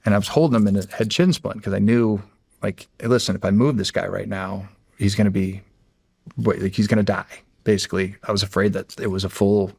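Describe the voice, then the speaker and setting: A middle-aged man from the United States, a former Navy SEAL, telling a story in a casual, halting way with many restarts. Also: lowish voice, steady tone, a little mellow, no room sound, clean studio sound. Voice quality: gravelly, husky voice.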